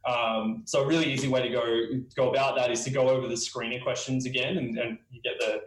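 A man with an Australian accent gives a spoken lesson at a quick pace, full of fillers and restarts. His voice sits in a roomy, echoing space. He sounds a little away from the mic. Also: mid-range voice, flat delivery, fairly bright tone, recorded from a distance. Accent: Australian (Queensland). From Queensland, Australia. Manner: fast talker with many fillers and restarts. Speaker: user research instructor.

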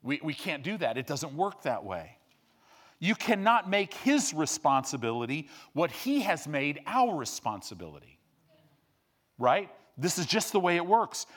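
A middle-aged man preaching as a pastor drops into hushed, low asides and then climbs to loud peaks during his sermon.

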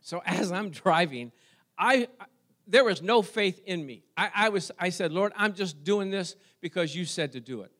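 A man with a high-pitched voice delivers a sermon. He tells a personal story with animated energy and talks straight to his congregation. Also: moderate pace. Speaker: preacher.

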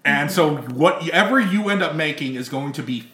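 A man's voice: a little high, lively intonation, normal speed, a bit bright, reverberant. A man hosting a casual podcast chat, rambling, laughing often and swearing freely. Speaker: podcast host.

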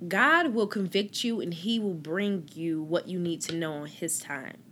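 A woman hosting a podcast, telling her faith story in a casual, animated way, acting out quoted conversations and moving between near-whispers and loud exclamations. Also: lowish voice, unhurried, a little hiss or hum. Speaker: podcast host.

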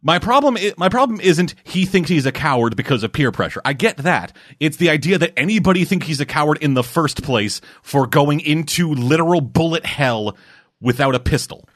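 Man, sarcastic riffing commentary, swooping pitch, dry close sound. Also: moderate pace, dry recording. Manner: sarcastic, profane, animated riffing. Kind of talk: casual riffing commentary over a film.

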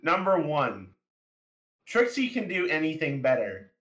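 A podcast host in casual chat who reads questions and cracks deadpan jokes. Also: mid-range voice, a little slow. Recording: echoey room.

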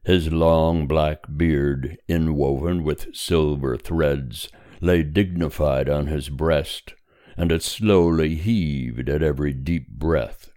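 A man narrating a story aloud in a slow, grave, measured way. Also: rumbling low, mellow, no room sound, studio quality.

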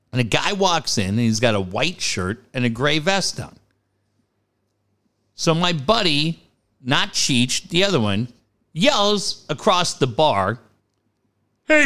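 A man from Cardiff spins a story in casual chat. His voice sits high and jumps all over the place, and he swears freely, laughs, and acts out the voices in the story. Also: sing-song, measured pace, long pauses, sharp tone.

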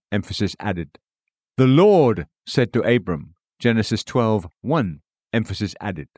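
Male narrator for a devotional audiobook, varied lively intonation, dry close sound. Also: medium pitch, dry recording. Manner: measured, quoting scripture and verse references. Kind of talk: scripted devotional reading.

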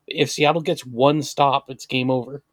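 A man's voice: mid-range voice, steady tone, moderate pace, no echo. A man co-hosting a sports podcast, giving blunt, analytical takes in casual chat. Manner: blunt, analytical, confident picks. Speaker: podcast co-host.

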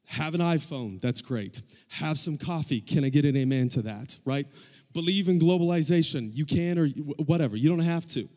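In a church sanctuary with long hall reverb, a male pastor with a fairly high, warm voice preaches at a moderate pace. He calls out for amens from the congregation as his sermon builds in intensity.

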